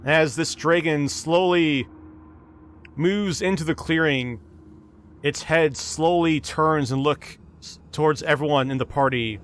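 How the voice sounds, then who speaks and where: Man, game master, tabletop game narration, fairly high voice, unhurried, descriptive. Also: slight background noise.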